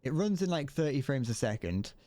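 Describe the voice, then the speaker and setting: A man's voice: medium pitch, sing-song, fairly quick, dark tone. Rambling young male game streamer. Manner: rambling, joking, often laughing at himself. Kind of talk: casual gameplay commentary. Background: gunfire and explosions from the game.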